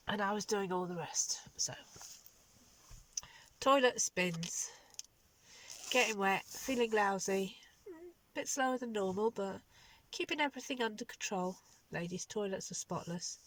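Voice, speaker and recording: A woman in her sixties telling a story from her workday as a vlogger, lively and exasperated, laughing at herself. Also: on the low side. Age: 60s. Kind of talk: casual spoken diary.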